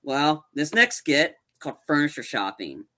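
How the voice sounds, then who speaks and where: A man recaps a film scene by scene in loose podcast chat. His voice is bright and forward. He rambles, restarts his sentences and gets animated as he goes. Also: fairly high pitch, moderate pace. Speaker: podcast co-host. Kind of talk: casual movie recap chat.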